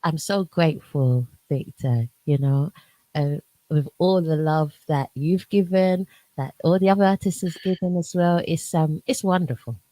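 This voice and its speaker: A woman's voice: low-pitched, normal speed, no echo. A woman from the UK with a South London accent, hosting a casual radio interview and gushing with praise for her guest. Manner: warm gushing praise, frequent laughter. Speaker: radio host.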